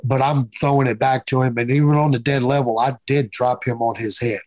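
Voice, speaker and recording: A man in his fifties tells stories in a casual interview. He talks bluntly and swears freely, and he acts out the dialogue he quotes. His voice sits at an ordinary middle pitch and is recorded close and dry. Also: steady tone, brisk, a little mellow, dry recording, poor audio. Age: 50s. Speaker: guest, former pro wrestler.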